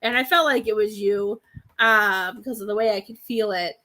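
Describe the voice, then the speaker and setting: A woman's voice: medium pitch, normal speed, bright, forceful tone. A woman in her thirties giving a rambling, hesitant psychic reading to viewers on a live stream, full of fillers and restarts. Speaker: psychic medium.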